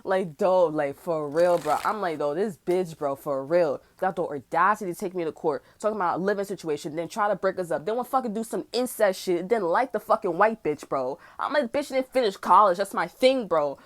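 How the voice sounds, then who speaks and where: A woman's voice: expressive, brisk, few pauses. Woman ranting, profane and heated. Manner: profane, swings between loud outbursts and low mutters; acts out other people's lines mid-story. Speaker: tarot channel host. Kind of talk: casual heated storytelling rant.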